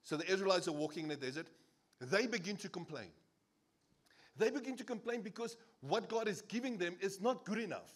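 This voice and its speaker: A South African-accented man preaching a sermon as pastor, animated and playful, laughing as he jokes with the congregation. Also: high-pitched, brisk, slightly rough. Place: church service.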